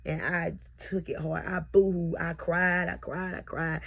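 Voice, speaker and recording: Gravelly-voiced young woman telling her story. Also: fairly low pitch, flat delivery, unhurried. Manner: heartfelt, repetitive storytelling. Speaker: mother sharing a birth testimony. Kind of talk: emotional personal testimony. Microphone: self-recorded on camera.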